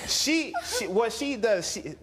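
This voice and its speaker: A man's voice: sits high, big pitch swings, slow. A man in his thirties on a TV court show, defending himself and laughing as he talks. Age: 30s. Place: TV studio courtroom. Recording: noisy TV studio audio.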